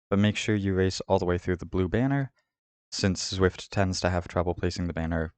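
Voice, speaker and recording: A man hosting a route guide, giving a steady, methodical voice-over about a race course. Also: sits low, no room sound. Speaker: host of a cycling route guide. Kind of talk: scripted voice-over over game footage.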